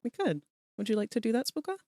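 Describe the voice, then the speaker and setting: Fast and fairly high-pitched with big swings, yet dark in tone, this young adult woman hosts a casual livestream chat. She's giggly and chatty, often talking over her friends; the recording is dry and studio quality.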